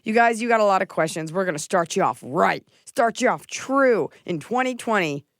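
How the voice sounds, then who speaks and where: Woman, podcast host, joking, playful, mid pitch, dry close sound. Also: moderate pace, no room sound. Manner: joking, animated, playful put-on voices. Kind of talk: casual comedic chat.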